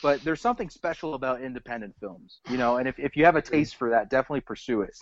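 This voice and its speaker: A man's voice: medium pitch, expressive, quick pace, dry recording, dull audio. A man on a casual podcast, enthusiastic and rambling. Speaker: podcast co-host. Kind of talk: casual chat.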